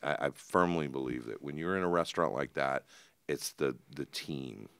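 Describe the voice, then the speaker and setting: A man's voice: rumbling low, vocal fry, fairly bright tone, clear, resonant tone, no echo. A man in casual interview conversation, talking openly and earnestly with frequent restarts. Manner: earnest, open, halting restarts. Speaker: restaurateur, podcast guest.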